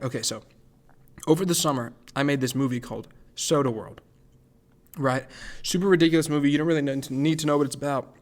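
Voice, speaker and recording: Young dude rambling on his podcast, laid back and self-deprecating, says super a lot. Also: medium pitch. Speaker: podcast host. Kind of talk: casual solo chat. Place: New York area.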